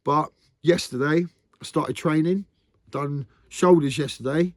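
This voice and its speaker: A man speaks frankly to camera in a rambling confessional vlog, circling back on his points and dropping "mate" at the ends of lines. His voice sits a little higher than most men's, and the sound is close and dry with no room echo. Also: a little slow. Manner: rambling and earnest, often ending lines with "mate". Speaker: vlogger.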